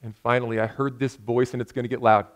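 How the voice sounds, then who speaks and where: A man's voice: medium pitch, little pitch movement, quick pace. A man preaching a sermon in a church, telling a story earnestly and building to impassioned appeals, with frequent restarts.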